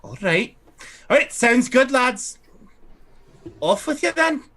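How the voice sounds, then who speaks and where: A man's voice: very high-pitched, lively intonation, takes it slowly, a bit bright, pitched above the performer's own voice, full character voice. A man voicing an eccentric, reclusive old woman with a brogue in a tabletop game. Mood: gruff.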